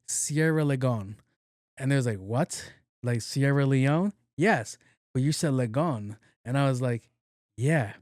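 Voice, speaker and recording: Male podcast host, mid-pitched, casual storyteller, crude humor, does voices for his coworkers, dry mic. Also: a little mellow, no echo. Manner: profane, joking, acts out dialogue.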